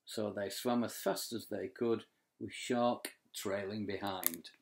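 A man's voice: fairly low pitch, steady tone, slow pace, gravelly. Older grandfather reading a bedtime story.

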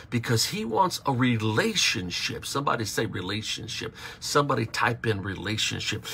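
Male pastor, livestream sermon, husky gravelly voice, punchy call-and-response preaching. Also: mid-range voice, sharp tone. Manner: preaching with repeated phrases and calls for audience response.

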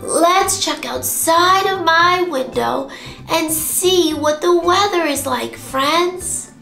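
A young woman teaching toddlers in a bright, high voice, drawing out every word in a slow sing-song. Her voice rings in an echoey room, with clear music playing behind her. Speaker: preschool teacher. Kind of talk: children's circle time lesson with songs.

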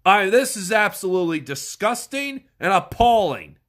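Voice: medium pitch, sing-song, moderate pace, hardly any pauses. Furious, stuffy-nosed sports fan ranting. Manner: furious, yelling and swearing. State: stuffed up from a cold. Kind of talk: angry profane rant.

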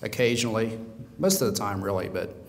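Hesitant male event host doing an introduction, medium pitch, long hall echo. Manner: halting, with many uh and um. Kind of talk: speaker introduction. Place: large meeting room. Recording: echoey hall with long reverb.

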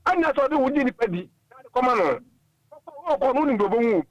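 A man's voice: very high voice, expressive, a little fast, no room sound, highs cut off. A man calling in to a radio talk show, giving earnest, moralizing opinions. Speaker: caller. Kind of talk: call-in radio chat.

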